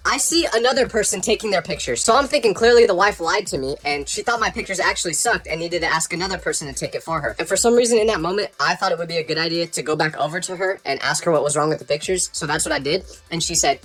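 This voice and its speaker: A man's voice: on the high side, quick pace, soft background music. A man telling funny stories from his life in a comedic storytime monologue, breaking into exaggerated outbursts. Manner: animated, jumps to exaggerated outbursts.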